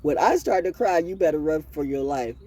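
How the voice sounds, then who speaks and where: Blunt, husky-voiced woman ranting. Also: low voice, fairly quick. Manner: blunt, profane, preachy and animated. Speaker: oracle reader and channel host. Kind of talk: freestyle livestream rant.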